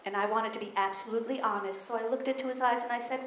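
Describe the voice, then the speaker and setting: A woman comedian doing an animated, mocking stand-up routine. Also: on the high side, rapid-fire. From New York City. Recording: echoey club, audience noise.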